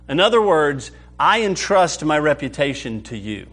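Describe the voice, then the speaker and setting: A man teaching a sermon to a live audience, acting out quoted prayers with animated swings in his voice. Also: fairly high pitch, normal speed, soft background music. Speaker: preacher.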